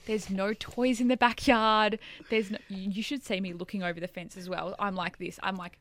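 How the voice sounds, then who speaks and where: A woman co-hosting a podcast, chatting in an animated, giggly way and acting out little scenes. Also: mid-range voice, moderate pace. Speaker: podcast co-host. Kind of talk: casual chat.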